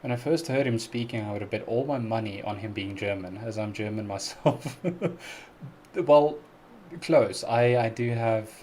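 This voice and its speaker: A man's voice: on the low side, moderate pace, darkish tone, slight background noise. A young man with an Afrikaans accent, native Afrikaans speaker, hosting a live stream Q&A, friendly and chatty with frequent laughs and fillers. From South Africa. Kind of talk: casual live-stream Q&A chat.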